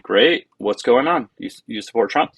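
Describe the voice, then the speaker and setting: A man hosting a live debate stream, blunt and quick to cut callers off. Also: mid-range voice, animated, a bit bright, dull audio, slight background noise. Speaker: livestream host.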